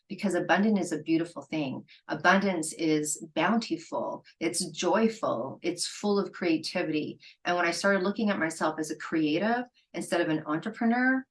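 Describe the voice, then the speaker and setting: A woman's voice: lowish voice, poor audio. A middle-aged woman hosting a solo podcast, talking candidly and conversationally, sometimes acting out what her friends said. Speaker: podcast host.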